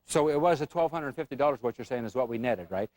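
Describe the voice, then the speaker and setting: A man's voice: medium pitch, expressive, fast talker, a little mellow, no echo, clean studio sound. A man teaching an options trading class, quizzing the room with frequent questions. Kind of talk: classroom lecture.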